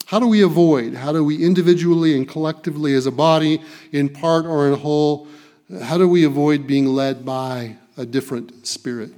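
A man delivers a sermon, his voice pitched a little higher than most men's. He drives points home by repeating phrases and sometimes restarts a sentence mid-thought. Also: normal speed, dark tone. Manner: emphatic, repeats key phrases, occasional restarts. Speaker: preacher. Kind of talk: sermon with scripture reading.

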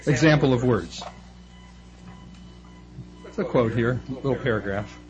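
A middle-aged man preaching a sermon, animated and playful, lifting his voice high to act out quoted speech. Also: unhurried, faint music behind, poor audio. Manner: animated, acting out quoted voices with rising pitch. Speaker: pastor.

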